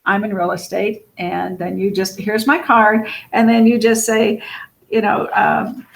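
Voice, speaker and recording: A middle-aged woman coaches in a relaxed, talky way, slipping into the lines she wants her listeners to say. Her voice is scratchy and she sniffles now and then. She laughs easily and keeps the tone conversational. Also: mid-range voice, a little slow, creaky. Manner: chatty, laughs often, role-plays sample dialogue. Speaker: real estate coach. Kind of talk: casual instructional talk.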